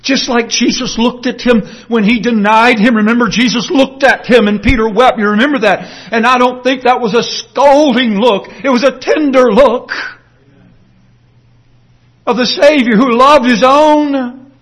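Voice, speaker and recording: A man preaching a sermon, explaining a passage earnestly and slowing down to stress his points. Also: very high-pitched. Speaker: pastor.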